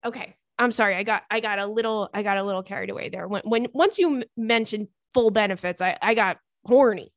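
A young woman hosts a podcast, chatting casually and reading listener messages with profane, animated asides and quick put-on voices. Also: medium pitch, no room sound, clean studio sound. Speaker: podcast host.

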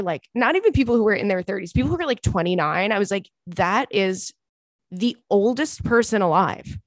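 Animated New woman telling a story. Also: medium pitch, no echo, studio quality. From Long Island, New York. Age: 30s. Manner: animated, acts out voices in anecdotes. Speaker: podcast host. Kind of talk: casual storytelling.

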